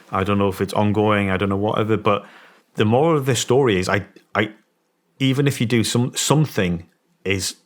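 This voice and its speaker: A man telling a story in casual conversation as a guest, rambling with many restarts and emphatic points. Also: fairly low pitch. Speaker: guest, former special forces soldier.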